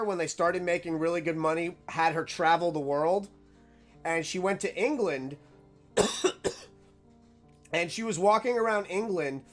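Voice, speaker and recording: Animated, high-voiced young man telling stories. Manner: animated, rambling, lots of "like" fillers. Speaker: storyteller. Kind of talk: casual storytelling monologue.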